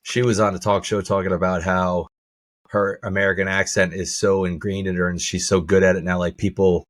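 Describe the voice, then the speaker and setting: A man's voice: low voice, little pitch movement, brisk, dry recording, clean studio sound. A man co-hosting a podcast in casual chat, rambling and restarting his sentences. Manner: rambling, repeats words when starting. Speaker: podcast co-host.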